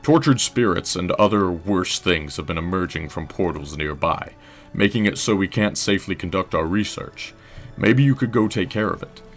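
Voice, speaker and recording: A man's voice: sits low, animated, soft background music. A man doing a stoic historian with mock British airs. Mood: grave. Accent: mock British, drifting in and out. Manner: formal, measured, old-fashioned phrasing. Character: stoic male historian, gruff scholar.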